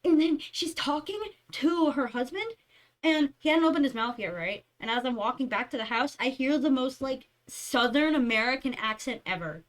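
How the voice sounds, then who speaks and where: A woman's voice: sits high, expressive, moderate pace. A young woman streamer chatting casually, rambling through stories and giggling often. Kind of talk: casual chat.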